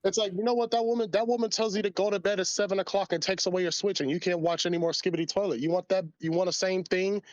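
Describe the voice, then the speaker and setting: A man's voice: sits high, fairly even intonation, quick pace, hardly any pauses, no echo, lo-fi sound. A man hosting a casual podcast, ranting in a crude, rambling way and slipping into voices. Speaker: podcast host. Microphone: voice call.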